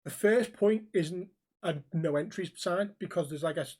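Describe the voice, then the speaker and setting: Animated man telling stories. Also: high-pitched, moderate pace. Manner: animated, laughing, swears freely. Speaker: podcast co-host. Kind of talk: casual storytelling chat.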